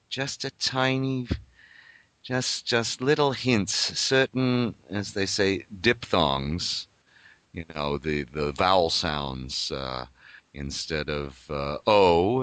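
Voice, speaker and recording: A man's voice: sits low, pushed and bright, clear, resonant tone, no echo. An older man, a voice actor, talking thoughtfully and explaining his craft in an interview. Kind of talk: reflective interview talk.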